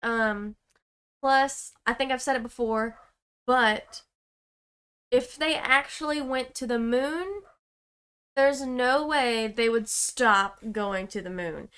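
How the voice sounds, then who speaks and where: A woman's voice: a little high, slow pace, pauses often, fairly bright tone, smooth. A young woman co-hosting a casual podcast, talking hesitantly with slang and fillers. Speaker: podcast co-host.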